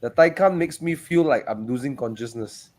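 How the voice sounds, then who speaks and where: A man's voice: mid-range voice, moderate pace. A man with a Malaysian English accent, chatting casually on a panel and telling stories with lots of laughter. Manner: animated storyteller, laughs often. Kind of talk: casual chat.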